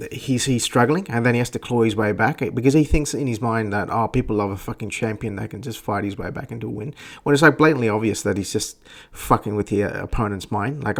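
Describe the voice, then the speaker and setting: A young Australian podcast host rants crudely and sarcastically in a casual show, cutting in with mocking voices. His voice is medium-pitched and fairly quick, with audible vocal fry.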